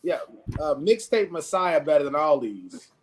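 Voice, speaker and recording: High-pitched guy co-hosting a podcast, animated, firing off rhetorical questions. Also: unhurried, slight background noise. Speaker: podcast co-host. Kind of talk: casual debate among friends.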